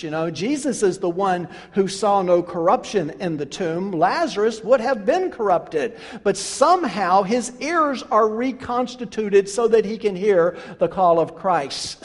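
A male pastor preaching a sermon with passion, swinging between quiet, drawn-out phrases and loud, emphatic lines. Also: high voice. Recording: long hall reverb.

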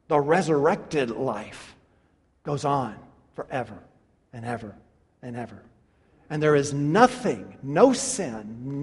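A man preaching a sermon, emphatic and talking straight to his congregation, swinging between loud and quiet. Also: high-pitched. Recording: reverberant hall.

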